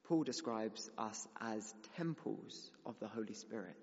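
A man's voice: lowish voice, lively intonation, unhurried, vocal fry, a little mellow. A young man preaching a sermon to his church, earnest and building to emphatic exhortation. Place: church hall. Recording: dull sound with long hall reverb.

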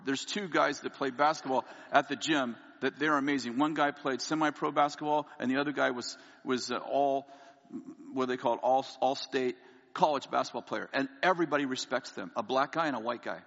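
A man's voice: medium pitch, a little fast, vocal fry. Self-deprecating male pastor in an echoing hall. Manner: candid, self-deprecating, quotes others in lively voices. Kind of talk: sermon with personal storytelling. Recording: dull lo-fi audio with long hall reverb.

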